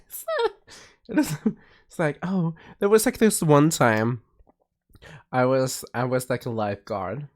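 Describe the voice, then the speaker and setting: A man's voice: medium pitch, takes it slowly, long pauses. A young man chatting casually with his stream viewers, rambling with many restarts and laughs. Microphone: streaming mic.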